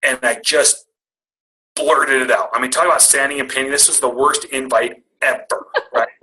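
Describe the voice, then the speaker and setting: Bright-voiced man telling a personal story. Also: mid-range voice, fairly even intonation, moderate pace, low-quality recording. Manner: candid, self-deprecating storyteller. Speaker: guest speaker. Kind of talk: motivational storytelling. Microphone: call audio.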